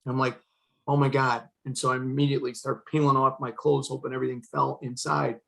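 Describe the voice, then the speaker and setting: A man's voice: medium pitch, level tone, quick pace, gravelly, fairly bright tone, low-quality recording. An older man, a retired fire chief, telling a personal story as an interview guest, earnest and acting out the dialogue he quotes. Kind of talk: emotional storytelling in conversation.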